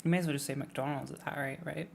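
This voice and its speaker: A young British woman from the UK chatting casually on a live stream, rambling and letting her phrases trail off quietly. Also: deep voice, steady tone, fast, vocal fry, slight background noise.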